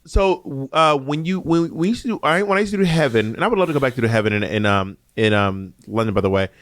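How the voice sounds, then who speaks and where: A man's voice: mid-range voice, fast talker, no room sound. A man co-hosting a podcast in casual, teasing chat, often laughing. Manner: animated, laughing, playful teasing. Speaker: podcast co-host.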